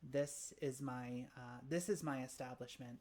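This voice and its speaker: A woman's voice: extremely low pitch, steady tone, a little slow, a little mellow. A woman voicing an earnest, wary tavern proprietor in a tabletop game.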